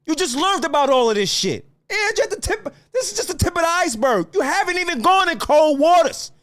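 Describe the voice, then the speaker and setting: A man delivers a heated, profanity-laced solo rant to his listeners. His voice sits very high and leaps up and down as he lectures. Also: very animated, brisk, a bit bright. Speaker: podcast host.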